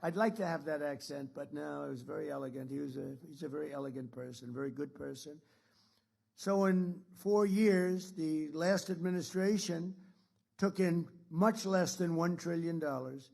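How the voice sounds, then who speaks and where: A man's voice: fairly high pitch, gravelly, darkish tone. A man speaking as president, giving a rambling, repetitive and boastful political speech to an audience in an indoor room.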